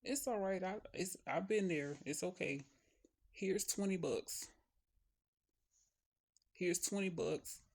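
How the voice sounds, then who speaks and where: A woman's voice: lowish voice, takes it slowly, pauses often, darkish tone. A woman quoting a kind middle-aged man as he reassures a stranger in a soothing way. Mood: reassuring.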